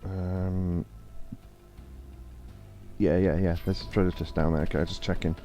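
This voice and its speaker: A man's voice: deep voice, little pitch movement, measured pace, warm tone, a little hiss or hum. A man giving rambling, laid-back commentary as he plays a game live, reading game text aloud as he goes. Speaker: streamer playing a game. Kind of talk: casual let's-play commentary. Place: home streaming setup. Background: faint game music.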